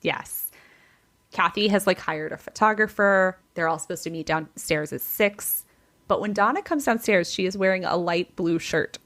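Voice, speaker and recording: A woman with a fairly low voice hosts a podcast at a moderate pace, casually telling a family gossip story. She's an animated, chatty storyteller who acts out the people involved and leans heavily on "like."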